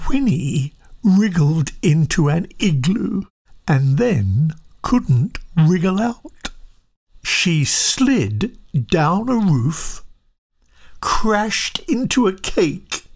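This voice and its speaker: Slow, husky storybook reader. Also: medium pitch. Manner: soft, often half-whispered, gentle storytelling. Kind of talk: reading a children's picture book aloud.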